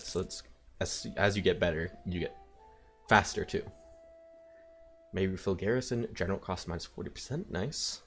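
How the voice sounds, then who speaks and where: A man casually commenting while playing a strategy game, thinking aloud with wry asides. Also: low voice. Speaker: let's play host.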